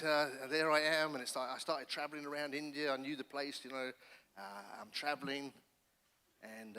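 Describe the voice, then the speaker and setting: A middle-aged man shares his testimony from the pulpit, his voice bright and forceful. He tells the story in an animated way, restarting phrases as he goes. The sound rings out with the long reverb of a church hall. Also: a little high. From England. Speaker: pastor. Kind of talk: personal testimony sermon.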